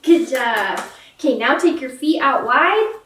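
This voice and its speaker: A young woman teaching a yoga class for children, giving gentle, encouraging cues and playful animal sounds. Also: high-pitched, lively intonation, unhurried. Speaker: yoga instructor. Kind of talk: kids yoga class instruction. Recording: echoey room, mic at a distance.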